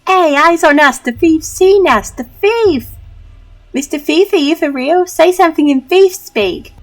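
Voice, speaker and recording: A woman voicing a cheeky young thief boy in a put-on Cockney accent, jeering and rough-spoken. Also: animated, unhurried, faint music behind, full character voice. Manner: shrill, jeering, rough street talk.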